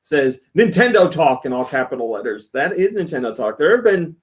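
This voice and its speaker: A man's voice: medium pitch, very animated, fairly quick. A man hosting a casual podcast, reading listener comments aloud and laughing often. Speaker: podcast host.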